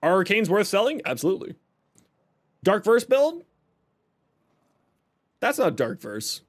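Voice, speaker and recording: Young man, game streamer, casual chat, joking, animated pitch. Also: a little slow. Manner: chatty, jokey, reads chat aloud and explains builds.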